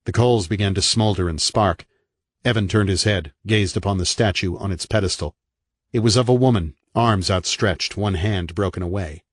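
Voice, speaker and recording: A man reading a horror novel aloud in a dramatic, measured narration. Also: low voice, dry recording, clean studio sound. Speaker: audiobook narrator.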